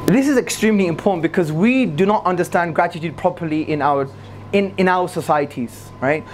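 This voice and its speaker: A man giving an energetic religious lecture to a live audience, repeating key phrases for emphasis. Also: a little fast, slight background noise. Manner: swings between loud high emphasis and low asides. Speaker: Islamic lecturer.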